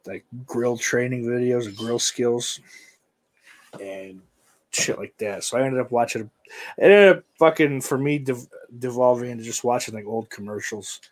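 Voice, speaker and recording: A man's voice: mid-range voice, moderate pace. A man chatting casually on a stream, rambling and swearing, often trailing off into mumbles. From United States.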